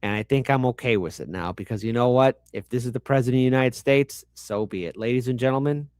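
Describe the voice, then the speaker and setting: A man hosting reaction commentary, animated and sarcastic, swearing often and talking with lots of fillers. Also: medium pitch, quick pace, smooth, dry recording, clean studio sound. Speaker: commentary host.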